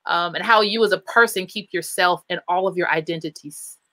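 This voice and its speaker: Woman, panel moderator, bright forceful voice, dry close sound, long winding questions, frequent restarts. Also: lowish voice, brisk, no echo, low-quality recording. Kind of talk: moderating a live panel discussion.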